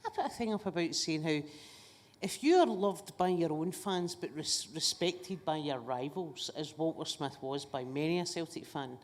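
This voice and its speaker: A woman's voice: deep voice, lively intonation, moderate pace. A woman, a guest comedian chatting casually and telling stories with plenty of swearing. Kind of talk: casual chat.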